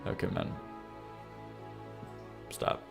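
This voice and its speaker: A man's voice: very slow, soft background music. A young man streaming live, reviewing songs in casual chat, blunt and joking as he reads and argues with his chat. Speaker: streamer reviewing viewer song submissions.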